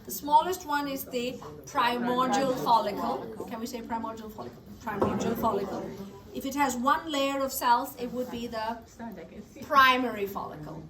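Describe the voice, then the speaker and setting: A fairly high-voiced woman leads a lab class through an anatomy review, naming each term and having students repeat it. She is picked up from a distance, and a roomful of people is clearly audible around her. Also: moderate pace. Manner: drills terms by repetition, brief praise. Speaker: biology lab instructor. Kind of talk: call-and-response anatomy review. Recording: distant mic with classroom crowd.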